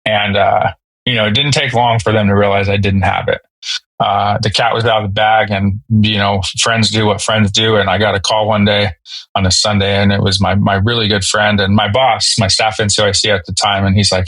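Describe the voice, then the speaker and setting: A man, a military veteran guest on a podcast, telling his story in a casual, halting way with many fillers and restarts. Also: fairly low pitch, flat delivery, pushed and bright, no echo, poor audio. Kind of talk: candid personal storytelling.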